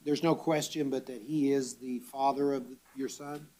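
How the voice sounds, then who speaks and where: A man serving as a judge at a bond hearing, speaking in a measured, formal way with frequent fillers. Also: medium pitch, fairly even intonation, crowd noise.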